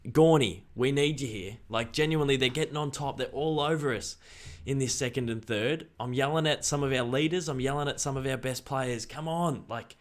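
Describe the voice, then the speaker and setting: A young Australian man chatting casually on a live stream, excitable and rambling. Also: mid-range voice, brisk.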